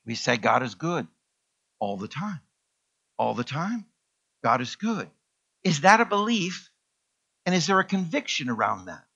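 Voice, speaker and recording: Man, pastor, sermon, emphatic, repeats words, bright tone, fairly high pitch. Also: very animated, unhurried, vocal fry, pauses often, slightly rough, dull audio. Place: church sanctuary.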